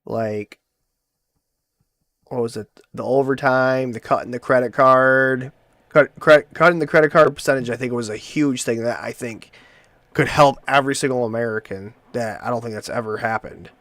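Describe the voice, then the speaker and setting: A man's voice: mid-range voice, steady tone, moderate pace, fairly bright tone, no echo. Male solo host, casual and rambling, with a lot of swearing and a dry, close sound. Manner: rambling, swearing, restarts often. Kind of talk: casual chat.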